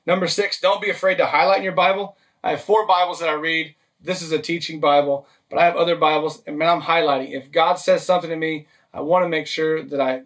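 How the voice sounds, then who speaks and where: Man preaching from a distance off the mic. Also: fairly high pitch. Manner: practical, list-driven teaching with frequent "okay?" and "right?" check-ins. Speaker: pastor. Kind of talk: sermon.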